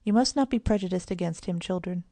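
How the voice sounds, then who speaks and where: A woman voicing a sensible, kindly mother of two children, speaking gravely and gently. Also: fairly low pitch, fast talker, dry recording. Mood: gentle.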